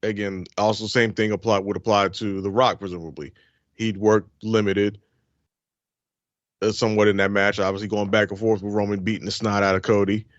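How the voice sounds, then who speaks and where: A man co-hosting a casual wrestling podcast, giving measured, hedged opinions. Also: on the low side, little pitch movement, no echo. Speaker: podcast co-host. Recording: dry lo-fi audio.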